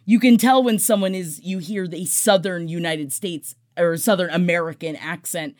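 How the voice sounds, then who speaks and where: A woman with a slightly low-pitched voice co-hosts a casual podcast. She talks in an animated, loose way and swears freely. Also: moderate pace, dry recording, studio quality. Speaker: podcast co-host.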